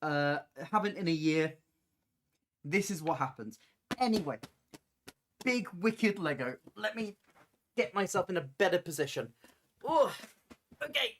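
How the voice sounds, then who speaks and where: A woman talks casually to her livestream audience from home late at night. She is loud and easily distracted, jumping between ideas with frequent giggles. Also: on the low side, lively intonation, a little slow, long pauses, slight background noise. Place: home, building on the floor.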